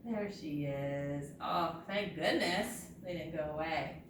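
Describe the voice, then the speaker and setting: A woman's voice: fairly low pitch, big pitch swings, measured pace. A woman librarian leading a preschool storytime, sing-song and playful, drawing out words for small children. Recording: distant, roomy, noisy recording.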